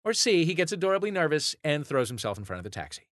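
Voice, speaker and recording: A man hosts a comedy quiz with a fairly high, wildly swinging voice. He rants in an exasperated, animated way, and the sound is dry and close. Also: quick pace, no echo. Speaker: quiz host. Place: studio.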